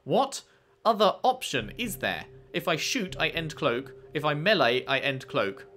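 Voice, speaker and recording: A man's voice: fairly high pitch, big pitch swings, measured pace, fairly bright tone. A man giving casual let's-play commentary, chatty and playful, reading menus aloud and bantering with the game. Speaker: gaming commentator.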